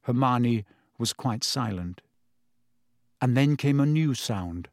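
A man reading a fantasy novel aloud in measured, dramatic audiobook narration. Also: medium pitch, lively intonation, no room sound, clean studio sound.

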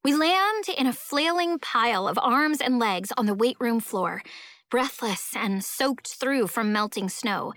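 A woman narrating an audiobook in the first person, expressive and emphatic as she tells it. Her voice sits a little higher than most. The read is close and dry, with no room sound at all. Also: measured pace, dry recording.

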